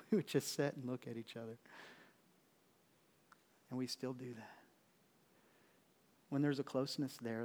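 A man preaching a sermon to his church in an earnest, conversational way, sometimes dropping to a hush. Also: mid-range voice, fairly even intonation, measured pace, long pauses, in a large hall, slight background noise. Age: adult. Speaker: pastor.

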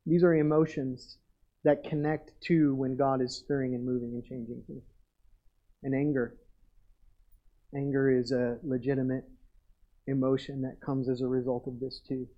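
A man's voice: mid-range voice, level tone, moderate pace, pauses often, muffled recording. A middle-aged male pastor preaching a sermon in an earnest way, repeating phrases for emphasis.

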